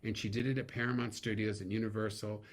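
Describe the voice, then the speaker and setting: A man's voice: fairly low pitch, quick pace. A man who is a comedian, a guest on a podcast, chatting casually and jumping into comic impressions. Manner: lively, breaks into comic impressions.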